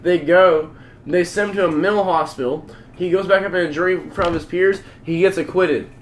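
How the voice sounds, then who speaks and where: Podcast guy rattling off a wild story real fast, swears a lot, kinda high voice. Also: a little hiss or hum. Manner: profane, rambling, excitable. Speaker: podcast host. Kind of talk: casual storytelling chat.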